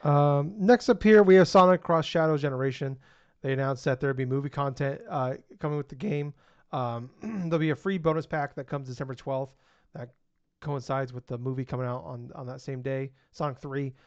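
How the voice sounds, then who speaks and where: A man's voice: mid-range voice, normal speed, clean tone, no echo. A man co-hosting a podcast in casual chat, running through news items with lots of ums and uhs. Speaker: podcast co-host. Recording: dull, lo-fi and very dry.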